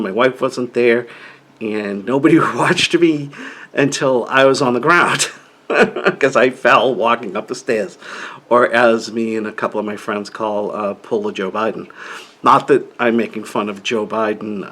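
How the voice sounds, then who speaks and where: A man's voice: medium pitch, fairly even intonation, a little slow, bright, forceful tone. A middle-aged man talking casually about living with an inner-ear condition, rambling and restarting his sentences often. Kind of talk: casual personal talk to camera.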